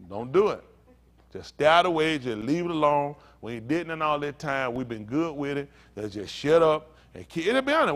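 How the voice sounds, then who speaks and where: Man preaching, fiery then weary, higher voice, sermon rant. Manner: swings between shouting outrage and weary low muttering. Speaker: pastor.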